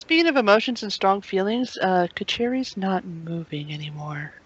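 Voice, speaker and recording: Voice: mid-range voice, lively intonation, moderate pace, breathy edge, no room sound, highs cut off. A podcast co-host in casual online chat, teasing and crude. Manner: teasing, crude, sings silly songs.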